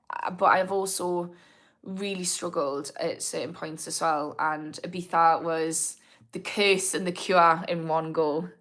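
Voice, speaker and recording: A woman's voice: on the low side, fairly bright tone. A British woman in her thirties, a recovery coach hosting a live Q&A stream, chatting frankly and answering viewers' comments by name. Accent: British English. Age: 30s. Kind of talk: casual live-stream chat, reading comments.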